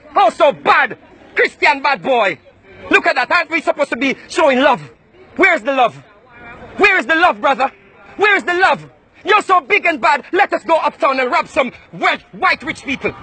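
A man from Jamaica, ranting and shouting confrontationally at people outdoors. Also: extremely high pitch.

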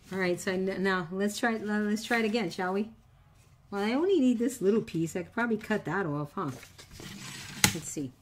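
A middle-aged woman with a medium-pitched voice at normal speed hosts a casual papercraft tutorial, with slight background noise. She chats with viewers and makes nervous, self-teasing jokes about her mistakes.

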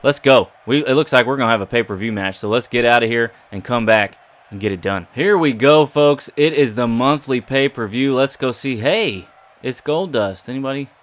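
A man's voice: medium pitch, moderate pace, a bit bright. A man giving playful, jokey commentary over a wrestling video game and talking back to its characters. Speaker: gaming YouTuber. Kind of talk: casual gameplay commentary.

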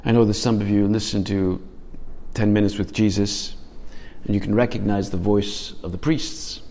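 A man's voice: lowish voice, fairly even intonation, moderate pace, mellow, big-room sound. A male priest giving a conversational, reflective homily, often restarting his phrases.

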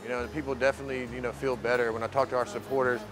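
A man's voice: medium pitch, level tone, rapid-fire. Man chatting casually over background music. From US mainland. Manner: loose, rambling, leans heavily on "you know". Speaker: program resident and volunteer. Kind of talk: casual interview talk.

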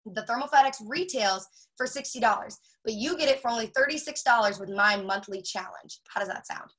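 A woman giving a casual sales training talk, chatty and animated, acting out customer chats with lots of filler words. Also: fairly high pitch, a little fast, rough recording.

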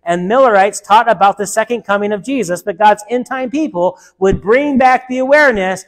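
A woman's voice: mid-range voice, brisk. Emphatic woman preaching a sermon. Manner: emphatic, asks the congregation rhetorical questions.

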